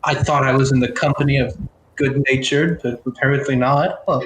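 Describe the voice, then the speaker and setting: A man's voice: medium pitch, steady tone, moderate pace, fairly bright tone, reverberant, slight background noise, lightly acted, low-quality recording. A man voicing a prim, easily offended male scholar wizard, with a raised, huffy voice.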